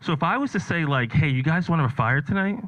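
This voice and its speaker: A man's voice: fairly high pitch, animated, fast talker, a bit bright, dry recording, muffled recording. A man performing a stand-up set, telling stories in a rambling, offhand way with lots of fillers. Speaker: stand-up comedian.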